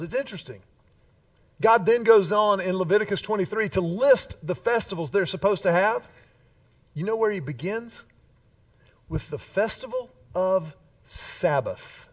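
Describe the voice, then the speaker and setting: A man preaching a Sunday sermon to his congregation in a church, animated and playful with humorous asides. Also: high voice, normal speed, distant mic, lo-fi sound. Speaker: pastor. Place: church sanctuary.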